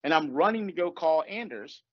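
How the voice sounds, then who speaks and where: This podcast host's voice is a little high and a little fast, and the audio is dull. He tells a story casually, getting animated and cursing while acting out people's lines.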